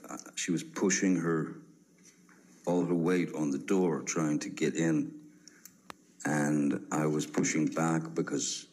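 A man in his fifties giving courtroom testimony, halting with many pauses and restarts. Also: very deep voice, darkish tone, poor audio.

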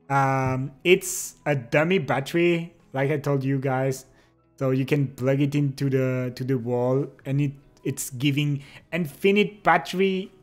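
A young man chatting casually with his stream chat, relaxed and giggly. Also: medium pitch. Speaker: livestreamer. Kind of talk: casual chat reading and answering viewer chat.

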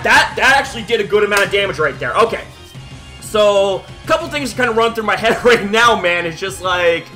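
A young man commentates a live online battle in a high, bright voice that swings wildly, jumping into shouts at every surprise. He curses freely and sounds fresh from the gym, throat a little dry. Faint music runs under him. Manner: excitable, swears often, shouts at big plays. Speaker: gaming YouTuber.

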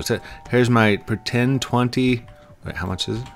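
A man's voice: mid-range voice, measured pace, creaky, faint music behind. A man giving casual, playful commentary while playing a game, acting out little scenes and sound effects. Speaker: gaming YouTuber.

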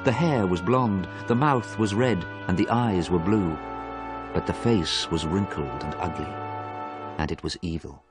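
A man narrating a graded story in a steady, clear storytelling manner. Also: sits low, unhurried, over loud music.

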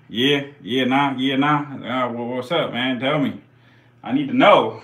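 A man's voice: medium pitch, unhurried, fairly bright tone. Slangy, profane male stream host. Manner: slangy, profane, hyped banter. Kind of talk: casual live-stream commentary.

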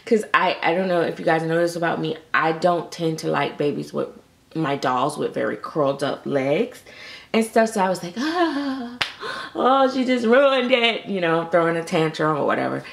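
A woman chatting casually to camera about her collectible dolls, animated and full of acted-out quotes. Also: low voice, brisk, creaky. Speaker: doll collector vlogger.

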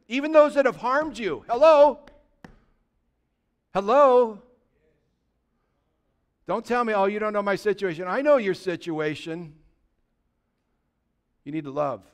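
High, smooth-voiced pastor preaching a sermon. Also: male voice. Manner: exhorting, conversational, calls out to congregation.

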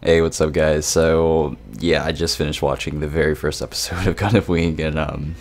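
A man's voice: extremely low pitch, flat delivery, moderate pace, soft background music. A young man giving a casual anime episode review, rambling, laughing and swearing as he retells scenes.

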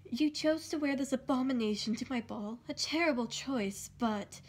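A woman voicing a cruel, sarcastic king who taunts and sneers in a slow, scornful way. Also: high-pitched, breathy edge. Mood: sneering.

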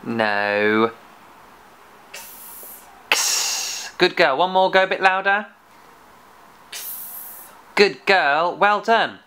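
Male kids' phonics host, animated and sing-song, slow and encouraging, playful scolding. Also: high voice, smooth. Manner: slow and exaggerated, sounding out letters. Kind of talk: children's phonics lesson with a puppet.

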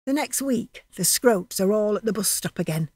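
A woman's voice: medium pitch, animated, normal speed, a little mellow, dry recording. A woman narrating a dramatic monologue in a chatty, vivid storytelling manner.

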